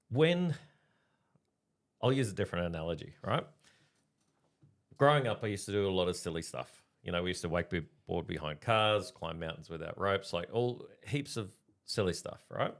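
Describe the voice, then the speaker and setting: Animated man telling stories. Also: lowish voice, gravelly. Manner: storytelling, animated, checks in with listeners. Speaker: podcast co-host. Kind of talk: casual chat.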